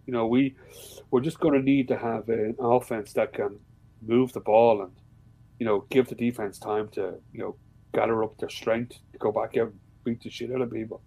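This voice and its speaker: An Irish man appears as a podcast guest, chatting casually and swearing freely as he tells animated stories, and he mentions having a father-in-law. His voice is medium-pitched with vocal fry and a breathy edge, and he talks at a normal speed. The recording is rough.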